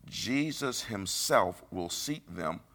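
A middle-aged man preaching a sermon, emphatic and rising into high bursts. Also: lively intonation, slow, pushed and bright.

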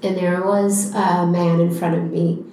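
A woman teacher telling a story in a reflective, unhurried way. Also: on the low side, flat delivery, mellow, slight background noise. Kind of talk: storytelling in a conversation. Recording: very echoey room.

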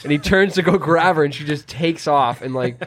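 A man's voice: a little high, brisk, a bit bright. A man chatting casually on a podcast, telling stories in a laid-back, slangy way. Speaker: podcast guest or co-host. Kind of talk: casual chat.

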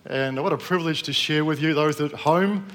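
A middle-aged man from New Zealand gives a sermon to a gathered congregation. His voice sits a little on the high side, and he tells a personal story in a relaxed, conversational way. He keeps asking the room questions as he goes. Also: moderate pace. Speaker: preacher. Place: church with live congregation.

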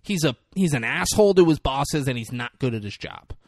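A man's voice: medium pitch, fairly quick, dry recording, clean studio sound. A man casually recapping a film on a podcast, acting out the characters' lines and swearing often. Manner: animated storytelling, acts out characters' lines, swears a lot. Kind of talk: casual profane chat.

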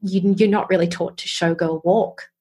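Middle-aged woman host, low husky voice, earnest motivational talk. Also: fairly even intonation, normal speed, warm tone. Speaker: podcast host and dance coach. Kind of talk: casual interview chat.

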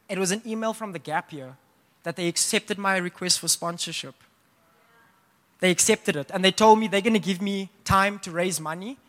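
A young man preaching a sermon, telling a personal story in a casual, animated way with laughs. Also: sits high. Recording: long hall reverb.

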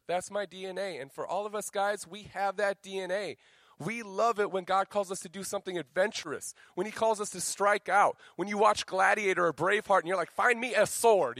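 A man preaching a sermon as pastor, energetic and joking, dropping to a quiet tone for personal stories. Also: sits high, dry recording.

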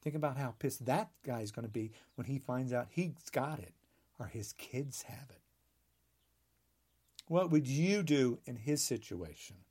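A man in his sixties, appearing as a podcast guest, delivers a heated, rambling monologue that is emphatic and full of restarts. His voice is medium-pitched and a little mellow.

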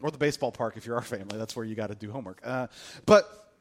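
With a mid-range voice and rapid-fire delivery, the pastor preaches in a casual, joking way. He stays animated and humorous throughout, acting out voices as he tells the story to his congregation.

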